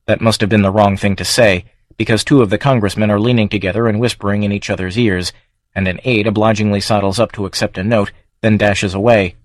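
A man narrating an audiobook in a measured, even reading voice. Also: lowish voice, dry recording. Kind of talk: scripted narration.

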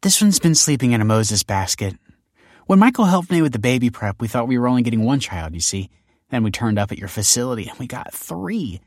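A man's voice: mid-range voice, big pitch swings, a little fast, dry recording, clean studio sound, pitched above the performer's own voice. Man doing a gushing, cooing new mother. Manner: bubbly, cooing, chatty.

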